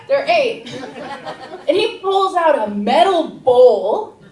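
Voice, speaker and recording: Woman doing stand-up, chatty and self-deprecating, high voice, echoey stage a ways off. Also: very animated, a little slow, warm tone. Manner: chatty, self-mocking, acts out other people in quotes. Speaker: stand-up comedy student. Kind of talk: stand-up set. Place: comedy theater stage. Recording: echoey theater from far off.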